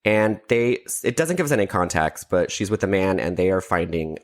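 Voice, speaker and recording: Low-voiced sarcastic woman host. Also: moderate pace. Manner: animated, sarcastic. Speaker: podcast co-host. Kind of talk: casual chat, show recap.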